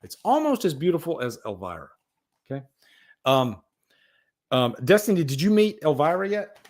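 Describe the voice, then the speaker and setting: Guy hosting a live stream, chatty and excitable, voice jumps all over. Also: fairly high pitch, moderate pace. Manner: enthusiastic, rambling, talks to chat viewers. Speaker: livestream host. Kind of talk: casual live-stream chat about movies.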